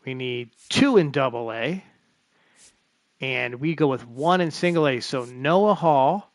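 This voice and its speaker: Expressive and slow, a man's mid-range voice narrates his live play of a baseball management game. As a streamer, he chats to himself while sorting players, and the recording has no echo.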